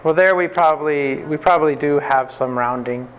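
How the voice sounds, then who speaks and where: A man with a slightly higher voice teaches a Bible class, telling the story with lively energy and acting out what the figures say. He laughs often as he goes, and a faint hiss sits under the recording. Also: normal speed.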